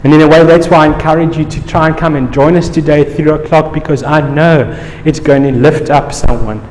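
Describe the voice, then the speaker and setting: A man preaching a sermon as pastor, slow and emphatic, repeating phrases for weight. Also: fairly high pitch, fairly even intonation, darkish tone. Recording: long hall reverb, faint noise.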